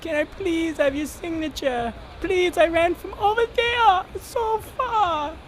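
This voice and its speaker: A whiny shrill little boy. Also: slow pace, slight background noise. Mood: pleading. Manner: pleading, sobbing, sulky. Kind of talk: comedy voiceover.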